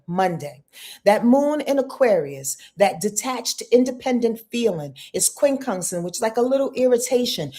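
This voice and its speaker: Emphatic woman astrologer, mellow voice. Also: medium pitch. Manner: emphatic, repeats herself, rhetorical questions; talks straight to viewers in chat. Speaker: astrologer host. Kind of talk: live-stream astrology forecast.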